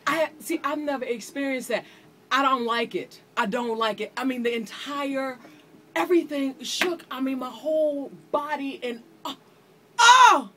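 A woman's voice: high-pitched, normal speed, a bit bright. A woman co-hosting live radio, out of breath, rattled and laughing dramatically. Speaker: radio co-host. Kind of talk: excited live radio talk. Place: radio station building. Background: crowd and noise.

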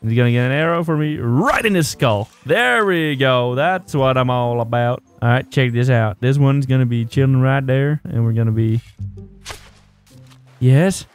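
A man giving casual let's-play commentary, excitable, laughing often and exclaiming at the game. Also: medium pitch, normal speed, soft background music. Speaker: gaming video host.

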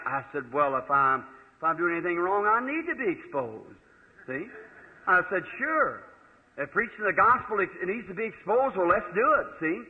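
A man preaching a sermon, telling a story in a folksy, animated way. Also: sits high, moderate pace. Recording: old lo-fi reverberant hall recording.

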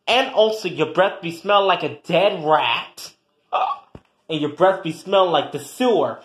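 Profane, taunting skit voice in an echoey room. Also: a little slow. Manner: profane, taunting, trash-talking; swings between loud jeers and low mutters. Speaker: comedy skit performer. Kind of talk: improvised comic quarrel between roommates.

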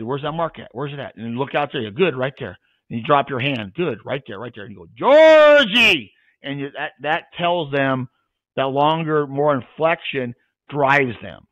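Plain-spoken dog trainer on a tinny line. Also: male voice, medium pitch, no room sound. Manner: plain-spoken, demonstrates commands aloud. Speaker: retriever trainer. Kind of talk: casual podcast Q&A. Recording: tinny phone-like sound.

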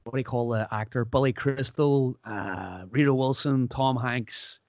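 In a casual podcast chat, an Irish host speaks a little slowly and vividly acts out quotes from his stories. The mid-range voice comes through without echo but sounds muffled.

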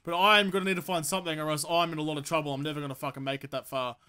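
A man narrating his own battle royale match in a high, bright, sharp voice. He swears constantly and moves from nervous muttering to furious shouting. It is loose, excitable gameplay commentary. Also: rapid-fire, clear, resonant tone. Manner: profane, excitable, swings to angry shouting. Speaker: gaming YouTuber.

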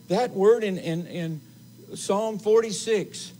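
Man preaching, slow deliberate delivery, slightly high voice, faint hiss behind. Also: lively intonation, creaky, low-quality recording. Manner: slow, emphatic preaching with long pauses and repeated phrases. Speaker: assistant pastor. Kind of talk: sermon. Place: church sanctuary.

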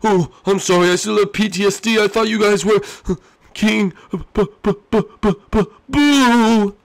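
A man's voice: sits high, fairly even intonation, unhurried, gravelly, voice pushed up. A man voicing a timid, guilt-ridden male ghost who stammers fearfully.

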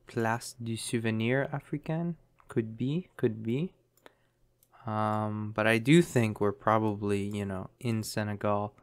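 Low smooth man thinking aloud. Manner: thinking aloud, chatty, many ums. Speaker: game streamer. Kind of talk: casual game commentary.

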